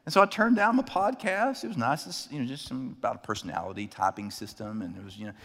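Animated preacher in a reverberant hall. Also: male voice, medium pitch, quick pace. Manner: animated, acts out characters in his story. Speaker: pastor. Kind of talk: sermon with personal storytelling.

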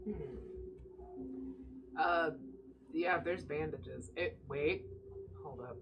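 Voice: medium pitch, drawn-out words, vocal fry, music in the background, poor audio. A player in a tabletop game, describing a character's actions casually and thinking aloud.

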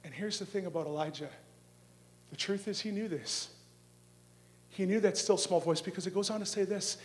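A middle-aged man preaches a charismatic sermon in a high voice. He drops to a hush on some words and rises to shouting on others, stretching phrases out slowly. He keeps asking the crowd questions. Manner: dynamic, swings from hushed to shouting.

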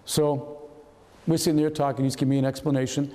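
A man's voice: medium pitch, fairly quick, long reverb tail. A man in his seventies, a retired agent giving an anecdotal talk, acting out the voices of people in his stories. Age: 70s. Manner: lively storyteller who acts out quoted voices. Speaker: retired FBI agent guest speaker. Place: hall at a historical society event.

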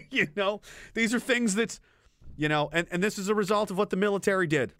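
A man's voice: sits high, moderate pace, a bit bright, no room sound. A young adult man, streaming an unscripted rant about his time as a military veteran. He talks bluntly and swears a lot, often breaking off mid-sentence and starting again. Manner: blunt and profane, with frequent trailing restarts.

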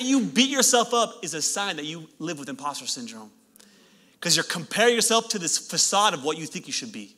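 A man in his thirties, a pastor preaching a sermon in an animated way, with joking asides to his congregation. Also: on the high side, brisk.

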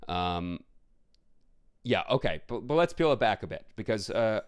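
A man co-hosting a casual film review podcast, talking bluntly and with lots of profanity, acting out scenes with quick put-on voices. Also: fairly low pitch, animated, clear, resonant tone. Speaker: podcast co-host.

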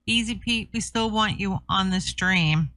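A man co-hosting a talk show in a fairly high voice. He chats casually, teases and laughs easily. The sound is dry and close. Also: a little slow, bright, forceful tone, dry recording. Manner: easygoing, teasing, laughs often. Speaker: co-host. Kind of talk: casual chat.

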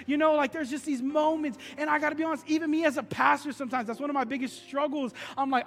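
High-voiced animated male pastor preaching. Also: fast, hardly any pauses, in a large hall, soft background music. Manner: conversational storytelling preaching, animated. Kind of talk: sermon.

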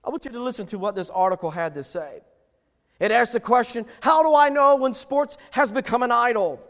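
A middle-aged male pastor preaching a sermon with emphatic, repetitive phrasing. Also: very high voice. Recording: long hall reverb.

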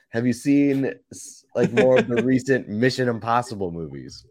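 A man's voice: medium pitch, lively intonation, measured pace, a little mellow, no echo. A man, a father, chatting casually on a podcast and telling anecdotes, acting out what people said. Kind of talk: casual chat.

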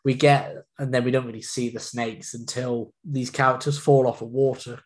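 A man's voice: medium pitch, flat delivery, normal speed. A man casually recapping a film, hedging with lots of fillers. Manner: hedging, easygoing, many fillers. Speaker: podcast co-host.

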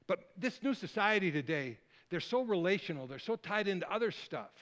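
A man preaching a sermon, rambling and lively, calling out questions to the congregation. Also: sits high, a little fast, lo-fi sound. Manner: lively, rambling, audience call-and-response. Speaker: guest preacher.

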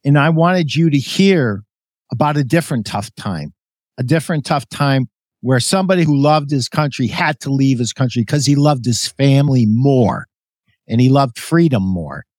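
A man's voice: mid-range voice, expressive, normal speed, darkish tone, dry recording, clean studio sound. A man hosting a podcast, giving an emphatic motivational pep talk to store owners that turns emotional and preachy. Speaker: podcast host.

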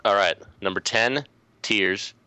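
Deep-voiced eager podcast guest man. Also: takes it slowly. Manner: eager, rambling, animated when excited. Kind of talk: casual podcast chat.

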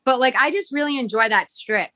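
A woman's voice: sits high, a little fast, bright, forceful tone, no echo. A woman with a Rhode Island accent, chatting casually as a podcast guest with lots of "like" and rambling asides. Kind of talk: casual interview chat.

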